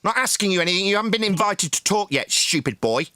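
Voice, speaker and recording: A man yelling and hurling insults at someone in a heated online voice-chat debate. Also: sits high, lively intonation, fast, no room sound, studio quality. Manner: shouting, insulting, domineering. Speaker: debate stream host.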